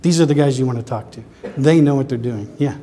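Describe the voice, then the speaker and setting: A man with a Southern US accent giving a casual, chatty talk at a conference, full of quick asides. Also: mid-range voice, mellow, a little hiss or hum. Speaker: presenter.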